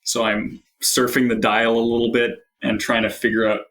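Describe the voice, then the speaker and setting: A man's voice: medium pitch, flat delivery, normal speed, a bit bright. A man playing a tabletop game, describing his character's scene thoughtfully. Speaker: player. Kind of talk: tabletop role-play.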